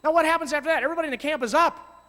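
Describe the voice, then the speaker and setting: A man telling lively stories to an audience as a youth ministry speaker, acting out voices and shouting at times. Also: very high-pitched, rapid-fire. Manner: animated, acts out voices and shouts. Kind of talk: storytelling talk to an audience. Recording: long hall reverb.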